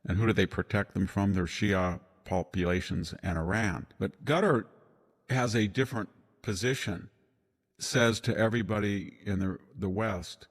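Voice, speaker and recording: Older man, very deep voice, discursive talker with restarts, heard with a long reverb tail. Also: normal speed. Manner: rambling, discursive, many restarts. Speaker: historian guest. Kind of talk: casual conversation.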